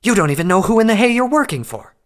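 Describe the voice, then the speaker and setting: A man's voice: mid-range voice, animated, a little fast, pitched above the performer's own voice, natural voice. A man voicing a cruel, hot-tempered female unicorn captain who hisses her threats in an audiobook. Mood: hissing. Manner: hissing, menacing. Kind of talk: audiobook character voice.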